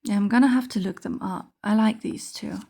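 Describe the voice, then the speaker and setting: A woman's voice: medium pitch, brisk, gravelly, dark tone. A woman chatting casually as she opens a trading card pack, thinking aloud with many fillers and restarts. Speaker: card game vlogger. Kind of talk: casual unboxing chat.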